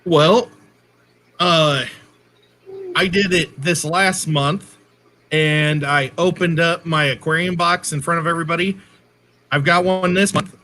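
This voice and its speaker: A man with a bright, fairly high voice co-hosts a casual livestream. He talks in a chatty, joking way and keeps correcting himself mid-sentence. A faint noise runs behind him. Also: fairly even intonation, measured pace, long pauses. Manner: chatty, self-correcting, jokey. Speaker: co-host.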